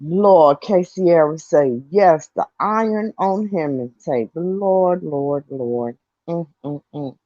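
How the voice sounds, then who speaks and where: A woman's voice: deep voice, takes it slowly, mellow, no echo, lo-fi sound. An older woman hosting a casual online talk show, reading viewer comments and chatting with light laughter and mild swearing. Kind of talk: casual chat.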